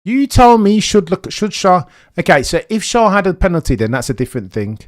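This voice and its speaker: A young man streaming live race commentary, chatty and animated, with excited bursts and muttered asides. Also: high-pitched, fairly quick, no echo, studio quality.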